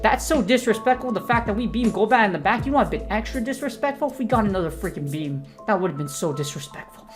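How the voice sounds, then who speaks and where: A woman's voice: mid-range voice, lively intonation, quick pace, few pauses, music in the background. A woman, a gaming content creator, giving hyped, slangy, joking commentary over her own battle gameplay.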